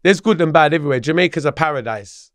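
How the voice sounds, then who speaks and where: Guy guesting on a podcast, kinda high voice, bouncy, dry close sound. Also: fast talker, dry recording. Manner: animated, laughs often, restarts sentences. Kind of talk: casual chat.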